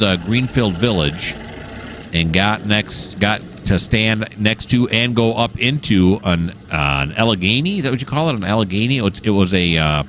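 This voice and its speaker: A man hosting a train simulator game, chatting casually and enthusiastically with many pauses and filler sounds. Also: lowish voice, a bit bright, a little hiss or hum. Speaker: train simulator gameplay host. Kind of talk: casual gameplay commentary.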